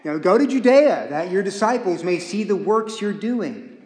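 A man's voice: sits high, expressive, normal speed, darkish tone, voice pushed up. A man voicing mocking, sarcastic brothers with a sneering, teasing tone, in an echoey hall.

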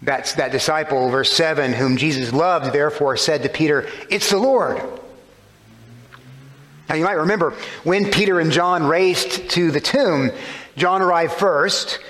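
A man's voice: on the high side, moderate pace, fairly bright tone. A man preaching a sermon, explaining scripture with rhetorical questions and shifting emphasis. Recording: long hall reverb.

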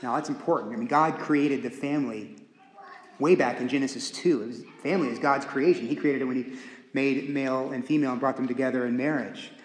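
A man preaching a sermon in an animated, folksy, humorous way, in a church sanctuary. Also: medium pitch, brisk, a little hiss or hum. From Texas. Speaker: pastor. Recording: echoey hall.

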